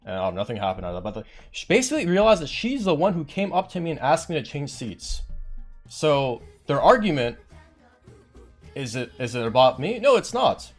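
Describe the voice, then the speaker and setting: A man's voice: a little high, huge pitch swings, brisk, faint music behind. A man streamer telling a heated, rambling story on his stream, swearing often.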